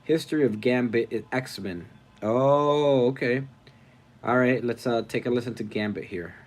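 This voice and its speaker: A man hosting a casual live stream, reading viewer comments aloud, rambling and thinking out loud as he goes. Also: medium pitch, unhurried. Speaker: livestream host.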